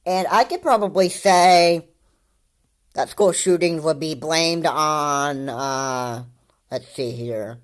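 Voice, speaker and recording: A woman's voice: low-pitched, slow pace. A woman giving casual commentary over video clips, rambling and repeating her points with many fillers.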